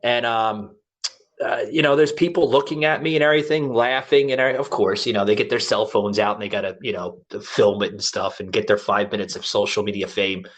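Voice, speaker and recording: A middle-aged man hosting a podcast, chatting casually and telling a long rambling story with animated asides. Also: on the low side, brisk. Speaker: podcast host. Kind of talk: casual chat.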